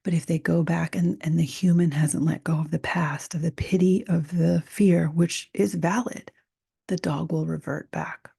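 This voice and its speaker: Soft gravelly-voiced woman musing half-whispered. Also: deep voice, steady tone, moderate pace, no echo, studio quality. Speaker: podcast host. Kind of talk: reflective solo podcast talk.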